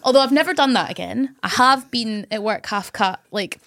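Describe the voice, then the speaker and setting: Highlands woman, radio presenter, animated storyteller, dry close mic. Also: moderate pace, vocal fry, no room sound. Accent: Scottish Highlands. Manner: animated storytelling, laughs often. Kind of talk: casual podcast chat.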